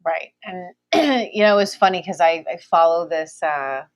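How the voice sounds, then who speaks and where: A woman with a lowish voice co-hosts a casual chat. She tells a story loosely, with relaxed pauses and restarts along the way. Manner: relaxed, rambling, hesitant storytelling.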